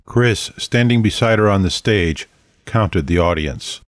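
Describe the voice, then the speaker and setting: A man reads a dark fantasy audiobook in a measured, steady way. His voice sits fairly low, and the recording is close and very dry with no room sound. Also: no room sound. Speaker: audiobook narrator. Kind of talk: scripted narration.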